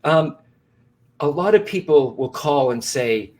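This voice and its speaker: A man's voice: on the high side, expressive, unhurried, a little mellow. A man co-hosting a live broadcast as a psychic medium, speaking earnestly and reassuringly straight to his viewers, often restarting and repeating phrases.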